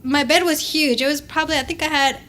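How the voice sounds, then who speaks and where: A woman co-hosting a podcast, telling a story in casual, profane, animated chat. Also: high voice, fast, slight background noise. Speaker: podcast co-host.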